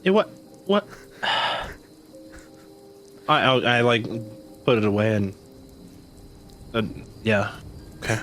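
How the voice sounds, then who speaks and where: A man's voice: mid-range voice, very animated, slow pace, long pauses, fairly bright tone, faint music behind. A man taking his turn as a player in a tabletop game, goofy and playful. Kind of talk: tabletop role-play.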